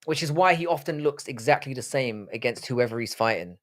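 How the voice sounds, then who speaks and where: His voice is medium in pitch, expressive and fairly quick. He's a young Irish-accented man from Cork hosting a relaxed livestream, answering viewer comments bluntly with lots of swearing and rambling.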